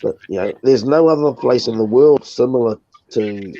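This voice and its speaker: A man's voice: mid-range voice, moderate pace, warm tone, dry recording, dull audio. A man chatting on a livestream, swearing freely and laughing often as he rambles. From New Zealand. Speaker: paranormal investigator on a livestream. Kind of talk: casual chat.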